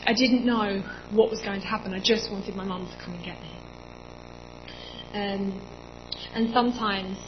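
A woman in her twenties preaching in a church, telling a personal story in a chatty, animated way with lots of quoted dialogue. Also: medium pitch, highs cut off, noisy background. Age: 20s.

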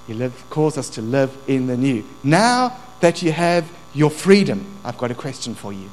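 A man's voice: medium pitch, big pitch swings, normal speed, low-quality recording. Fervent male preacher, faint hum behind. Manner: rises from quiet asides to loud fervent preaching. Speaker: pastor. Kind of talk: sermon.

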